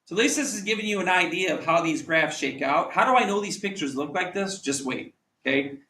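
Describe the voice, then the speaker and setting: A man teaching a math lesson to a class, quizzing students with quick repeated questions. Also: sits high, lively intonation, pushed and bright. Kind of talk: classroom lecture. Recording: echoey classroom, mic at a distance.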